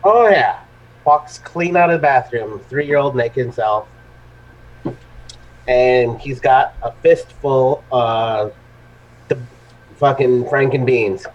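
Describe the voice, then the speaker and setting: A man's voice: medium pitch, takes it slowly, pauses often. A man hosting a live show in casual chat, telling funny stories full of laughs and constant swearing. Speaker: host of a live vaping show. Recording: muffled lo-fi audio.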